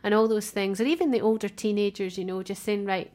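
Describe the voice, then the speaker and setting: A talkative, warm-hearted woman co-hosts a podcast in casual chat, laughing often and frequently restarting her sentences. Her mid-range voice holds a steady tone at a quick pace, heard over a remote call.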